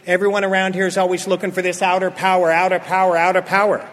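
A man sharing his recovery story at a meeting, an animated storyteller who acts out quotes and swings from loud to hushed. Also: high-pitched, fast talker, hardly any pauses. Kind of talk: personal recovery testimony. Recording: long hall reverb.

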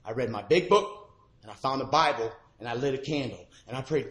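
Man, slightly high voice, recovery-meeting speaker, earnest testimony, roomy echoey church hall. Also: fast. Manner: earnest, swings from hushed to shouting. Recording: echoey room.

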